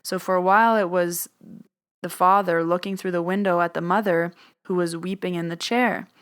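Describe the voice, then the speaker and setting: A woman's voice: on the low side, fairly even intonation, normal speed, fairly bright tone, smooth. A young adult woman, a medium, telling a story in a casual, chatty way, often saying "like" and acting out what she and others said. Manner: chatty, says "like" often, quotes herself and others.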